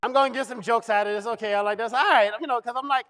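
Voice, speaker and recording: A man's voice: extremely high pitch, racing. A middle-aged male comedian telling a funny story on stage, acting out both sides of the conversation. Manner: animated, acts out dialogue. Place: event stage.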